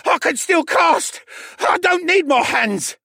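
A man's voice: very high voice, lively intonation, slow pace, gravelly, sharp tone, no echo, voice pushed up, heavily acted. A man voicing a furious, injured young male elf who screeches through the pain. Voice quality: screeching, strained. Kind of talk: audiobook narration.

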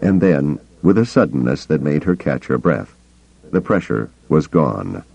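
Slow, gravelly-voiced male audiobook narrator. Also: very deep voice, very animated, a little mellow. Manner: slow, deliberate. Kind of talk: scripted narration. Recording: dull lo-fi cassette tape.

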